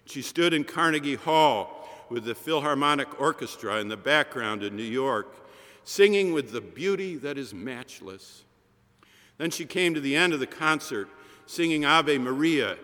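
A man delivers a sermon in a chapel, building his story with rhythmic, repeated cadences. His voice is bright and forceful. The recording has a long, echoing reverb from the chapel. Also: on the high side. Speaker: preacher.

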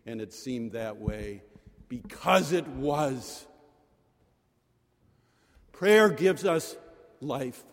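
Slow preacher in a reverberant chapel. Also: male voice, medium pitch. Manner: slow, deliberate, repeating phrases for effect. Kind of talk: sermon. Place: chapel during worship service. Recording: long reverb of a large chapel.

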